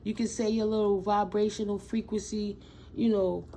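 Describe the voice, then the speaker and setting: A woman tarot reader who reads slow affirmations in a soft voice and then talks in loud, excited slang to her viewers. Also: mid-range voice, a little hiss or hum. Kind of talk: spiritual reading with affirmations.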